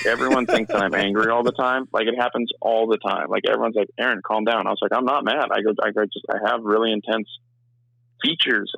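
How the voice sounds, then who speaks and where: A young man giving a casual interview, talking fast in a rambling way full of restarts. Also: fairly low pitch, gravelly, fairly bright tone, no room sound, muffled recording. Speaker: filmmaker and actor, interview guest.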